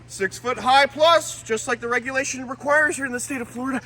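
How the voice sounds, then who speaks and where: An enthusiastic man hosting an animal vlog, breaking into high excited exclamations. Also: brisk, echoey room, noisy background. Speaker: reptile keeper and show host.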